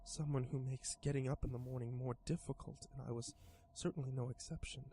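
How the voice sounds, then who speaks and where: A man narrates a first-person horror story on stream. His delivery is steady with small stumbles, and a faint hum of noise sits behind him. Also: mid-range voice, brisk. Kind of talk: horror story narration while modding a game.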